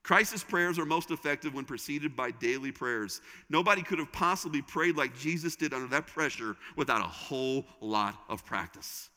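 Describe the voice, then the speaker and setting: Middle-aged pastor guy preaching, bright voice, big reverby hall, goes soft and intimate at times. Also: mid-range voice, lively intonation. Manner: dramatic pauses, acted-out quotes, dropping to a soft intimate tone. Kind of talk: sermon.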